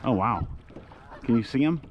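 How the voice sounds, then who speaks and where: A man's voice: medium pitch, animated, normal speed, lo-fi sound, slight background noise. A middle-aged man chatting easily from a kayak on a lake, giving tips to viewers on an action camera. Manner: easygoing, chatty, jokey. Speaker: kayak vlogger. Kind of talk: casual outdoor vlog commentary.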